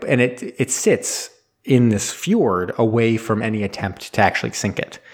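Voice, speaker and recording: A young adult man hosting a podcast, casually recapping a film in a rambling, animated way with bits of quoted dialogue. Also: on the low side, moderate pace. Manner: rambling, animated storyteller with laughs and quoted voices. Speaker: podcast host.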